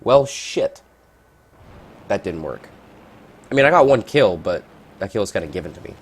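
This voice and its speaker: A man giving casual, rambling gameplay commentary, reacting out loud and swearing at surprises. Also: low voice, sing-song, normal speed, husky.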